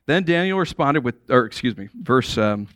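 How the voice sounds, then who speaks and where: An American man preaching a sermon as pastor, conversational and animated, with casual asides. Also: medium pitch, normal speed, dry recording, studio quality.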